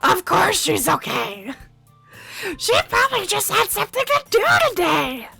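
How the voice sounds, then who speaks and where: A woman voicing a brash, bossy teenage schoolgirl who snaps and shouts. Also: very high voice, big pitch swings, measured pace, vocal fry, over music, pitched above the performer's own voice, exaggerated voice. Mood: bratty. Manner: snappy, shouty.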